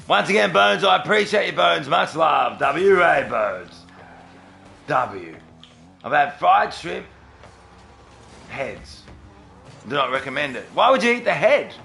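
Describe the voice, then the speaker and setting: A man's voice: on the high side, very animated, takes it slowly, vocal fry, long pauses, bright, forceful tone, soft background music. A young Australian man with an Australian accent, chatting casually with viewers on a livestream and answering them by name. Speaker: streamer.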